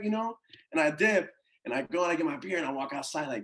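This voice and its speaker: Fast-talking coach spinning a slangy story. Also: male voice, a little high. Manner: animated, slangy and profane, with many acted-out quotes. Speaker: college baseball coach. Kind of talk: casual podcast storytelling.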